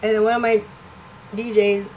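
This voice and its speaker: A woman's voice: medium pitch, level tone, normal speed, a little mellow, a little hiss or hum, rough recording. A woman vlogger talking casually to the camera, rambling and laughing often. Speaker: vlogger and stage performer.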